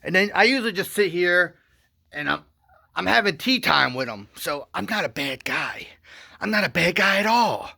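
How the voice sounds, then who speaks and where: Gravelly, rambling comic storyteller, a man. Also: high voice, normal speed. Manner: rambling, goofy, deadpan asides. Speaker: comedic storyteller. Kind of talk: satirical comedic storytelling.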